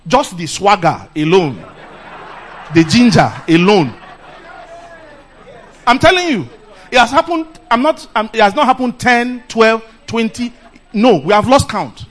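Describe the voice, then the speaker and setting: Animated Nigerian preacher, higher voice. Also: male voice, measured pace, pauses often. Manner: animated, laughs often, calls "Praise the Lord". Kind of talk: lively sermon. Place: church camp meeting.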